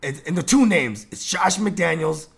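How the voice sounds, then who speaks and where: High-voiced, animated male podcast host. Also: normal speed, vocal fry, husky. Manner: animated, swearing, laughing often, lots of fillers. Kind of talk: casual sports chat.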